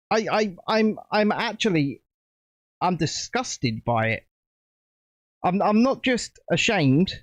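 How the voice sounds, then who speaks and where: A man rambles through a casual live stream, his pitch bouncing up and down as he chats. The sound is close and dry, with no room echo. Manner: rambling, animated, chatty. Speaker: streamer host. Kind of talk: casual live-stream chat while building.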